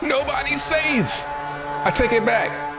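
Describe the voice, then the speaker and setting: A man's voice: very high-pitched, lively intonation, slow pace, over loud music. A man hosting a reaction video, talking in a casual, slangy way and laughing often as he jokes. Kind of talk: casual commentary.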